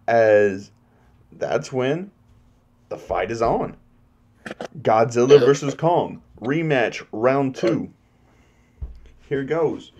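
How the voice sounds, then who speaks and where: A man casually retelling a movie's plot in a spoiler review, swearing freely and acting out scenes. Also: medium pitch. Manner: profane, animated plot retelling.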